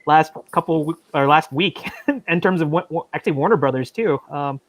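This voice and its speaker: Man, chatty co-host, high voice, laughs often, dry close sound. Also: moderate pace, dry recording. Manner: laughs a lot, asks questions. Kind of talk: casual chat.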